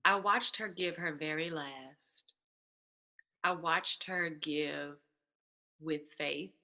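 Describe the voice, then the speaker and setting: A woman guest telling a personal story in casual conversation, animated and acting out quoted voices. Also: low-pitched, slow pace. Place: church stage.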